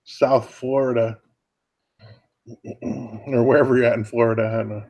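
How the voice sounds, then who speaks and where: A laid-back man who teases his co-hosts and swears freely in casual talk. His voice sits at an ordinary middle pitch with nothing unusual in its tone. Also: fairly even intonation, normal speed, a little mellow, highs cut off. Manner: laid-back, teasing, profane. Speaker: podcast co-host. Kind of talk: casual crude chat.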